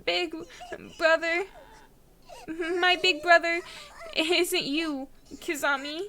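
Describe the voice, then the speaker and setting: A woman's voice: extremely high pitch, little pitch movement, takes it slowly, pushed and bright, slight background noise, pitched above the performer's own voice, full character voice. A woman voicing a terrified teenage girl who pleads through tears and stammers. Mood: terrified pleading.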